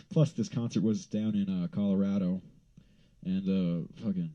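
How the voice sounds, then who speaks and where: A man from Wyoming telling a rambling, profane story in a casual vlog, swinging into loud exasperated rants. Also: low voice, moderate pace, muffled recording.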